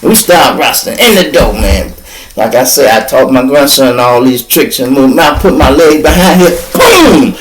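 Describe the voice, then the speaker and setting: An older man from Chicago hosting a podcast, telling a story in a casual, animated way, full of profanity and spoken sound effects. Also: medium pitch, normal speed, low-quality recording. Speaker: podcast host.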